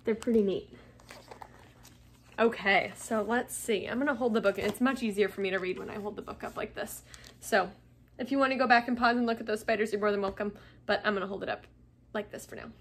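A woman's voice: mid-range voice, a little fast, a little hiss or hum. A woman, a teacher, reading a novel aloud to her class, with chatty asides between passages.

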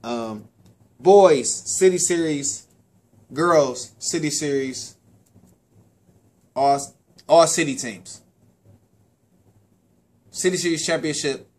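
Man, sports talk host and parent, slightly high voice, loose animated delivery, repeats himself, casual shout-outs. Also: slow pace, pauses often. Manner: animated, repeats words, stumbles on names.

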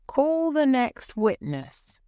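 A woman voicing a stern, bossy male king presiding over a storybook trial, speaking slowly and commandingly. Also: high voice, big pitch swings, warm tone, clean tone, no room sound, clean studio sound, voice pushed up, heavily acted.

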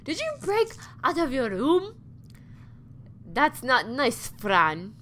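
A woman's voice: high-pitched, wildly swooping pitch, slow pace, a bit bright, slight background noise, full character voice. Woman putting on a stern male orderly. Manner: scolding, bossy.

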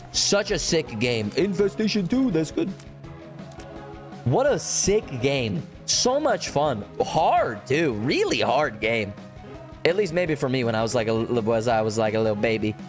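A young man streaming a game, chatting casually and rambling with excitement, swearing and breaking into high whoops. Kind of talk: casual gameplay commentary.

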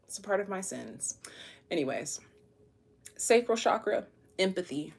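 A woman's voice: mid-range voice, lively intonation, a little slow, vocal fry, slight background noise. A woman giving a casual live tarot reading, chatty, with many fillers and casual swearing. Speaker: tarot reader.

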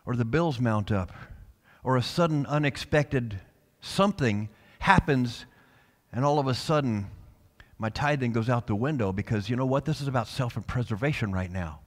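A male pastor preaching a sermon with passion, dropping to soft tones and then rising to loud calls. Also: medium pitch, lively intonation, moderate pace, long reverb tail. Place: church sanctuary.

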